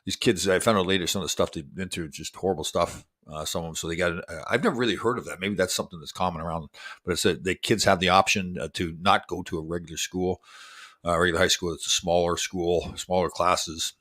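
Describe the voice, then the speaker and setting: A man's voice: low-pitched, quick pace, fairly bright tone. A man in his sixties hosting a casual livestream chat, rambling and making self-deprecating jokes. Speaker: show host.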